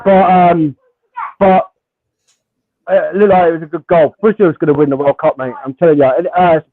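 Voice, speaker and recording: A man from calls in, talking casually and tripping over repeated words. His voice sits a little high. The call comes through a tinny, narrow phone line. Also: steady tone, moderate pace, dry recording. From England, London. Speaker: call-in guest. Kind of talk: casual chat.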